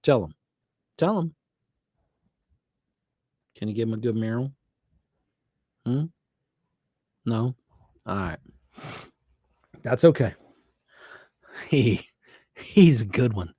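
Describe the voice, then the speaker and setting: A man's voice: medium pitch, slow, long pauses, dark tone, no echo. A middle-aged man hosting a live music stream from his home studio, chatting in a loose, rambling way with lots of fillers. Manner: rambling, easygoing, often trails off with fillers. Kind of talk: casual live-stream chat.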